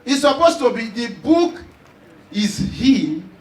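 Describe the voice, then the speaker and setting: A man with a Nigerian accent performing stand-up comedy, telling stories loudly and animatedly with shouts and laughs. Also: very high-pitched, big pitch swings, slow, echoey room, recorded from a distance, poor audio.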